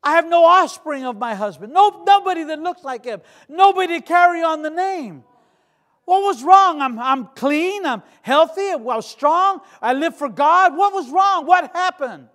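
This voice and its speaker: A man's voice: very high voice, expressive, measured pace, a bit bright, big-room sound, voice pushed up, heavily acted. A man in his sixties acting out the words of a grieving, devout widow who pleads with God, speaking fervently in a sermon. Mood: anguished pleading. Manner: fervent, questioning.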